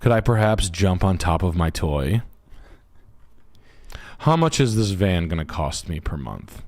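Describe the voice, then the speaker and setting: A man's voice: deep voice, very animated, measured pace, a little mellow. A man hosting a podcast, talking brashly and profanely in crude comic chat. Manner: brash, profane, puts on voices while telling stories. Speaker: podcast host.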